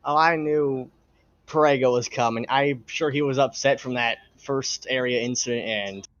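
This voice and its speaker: A man's voice: mid-range voice, normal speed, a bit bright, no room sound, dull audio. A man being interviewed after the race from his room at home, tired and candid about his frustration.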